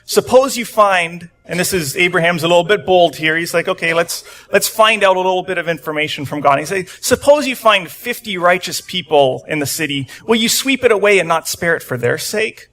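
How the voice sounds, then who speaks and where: A man's voice: a little fast, few pauses, a bit bright. A young man preaching a casual, conversational sermon to a room of people, acting out the quotes he reads. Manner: conversational, acts out quotes with rising pitch. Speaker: pastor. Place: church room with a congregation.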